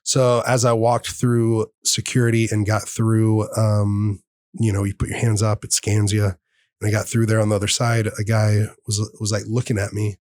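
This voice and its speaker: A man's voice: on the low side, completely flat delivery, moderate pace, darkish tone, no room sound. A man in his thirties, a podcast host, telling a personal story in an earnest, heartfelt way and acting out the dialogue. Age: 30s. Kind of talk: personal storytelling in casual conversation.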